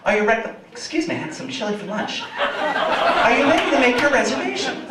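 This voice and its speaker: Sugary automated phone lady, guy doing the voice, high and chirpy, boomy club with people laughing. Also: animated, a little fast, heavy background noise. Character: cheery female automated phone voice that burps. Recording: echoey club, mic from a distance, audience laughing.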